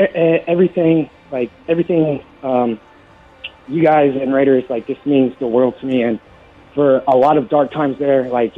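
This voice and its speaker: Earnest man on a tinny phone line. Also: mid-range voice. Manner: earnest, halting with restarts. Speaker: caller. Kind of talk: emotional call-in to sports radio.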